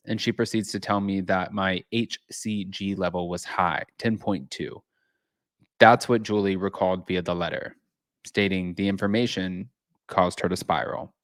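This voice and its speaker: A man talks casually to his audience in a fairly low voice. The sound is dry and close, and he breaks up long news passages he reads out with his own asides. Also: a bit bright, no echo. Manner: chatty, reads news aloud. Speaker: host. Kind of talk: casual chat. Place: home, with his cat.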